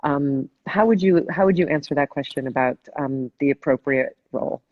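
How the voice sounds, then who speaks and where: A woman hosting a live video chat, asking a long thoughtful question with many pauses and restarts. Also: low voice, no room sound, dull audio. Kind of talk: casual live-stream conversation.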